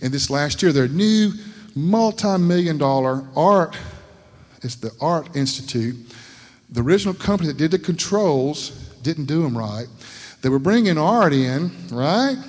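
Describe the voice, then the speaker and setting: A middle-aged lay speaker at a church service tells his sermon testimony as folksy stories, often asking "you know what I'm talking about" to check in with listeners. His voice is a little high, animated and darkish in tone, unhurried, in a reverberant church hall.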